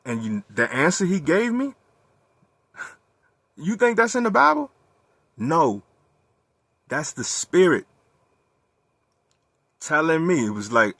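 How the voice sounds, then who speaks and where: A young man talking candidly in a personal monologue, profane and animated as he tells his story. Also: on the high side, slow, long pauses, no echo. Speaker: vlogger.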